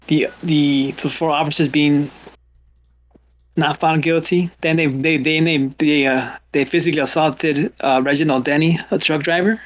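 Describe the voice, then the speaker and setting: A middle-aged man chatting on a stream in a rambling, halting way, often starting a phrase over. His voice sits a bit high for a man. The audio is dull and lo-fi. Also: fairly even intonation. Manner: rambling, repeats words, quotes people in exclaiming voices. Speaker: stream host. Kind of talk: casual chat.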